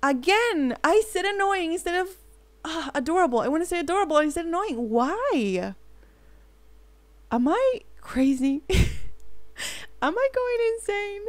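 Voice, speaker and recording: A young woman giving excitable let's play commentary, giggling, gasping and fretting aloud while she plays. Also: extremely high pitch, moderate pace, no echo. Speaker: gaming channel host.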